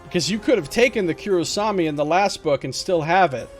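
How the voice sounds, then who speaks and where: A man's voice: high voice, animated, a little fast, faint music behind. A man streaming a gamebook, mixing read-aloud narration with wry, joking commentary.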